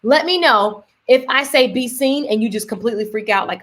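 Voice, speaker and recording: A woman business coach talking on a live stream, energetic and emphatic, repeating key lines and reading out viewer comments. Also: sits high, brisk, hardly any pauses.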